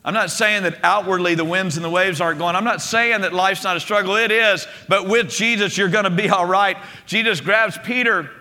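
A man preaching a sermon to a congregation, telling the stories in an animated way and often restarting with repeated words. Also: sits high, fairly quick, hardly any pauses. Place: room with a gathered congregation. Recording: long reverb of a large hall.

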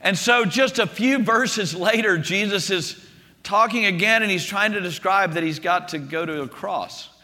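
A male preacher delivers a storytelling sermon with animated energy, doubling back on words as he goes. His voice is high and strikingly bright. A long reverb rolls around the large hall behind him. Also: moderate pace. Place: room with a gathered congregation.

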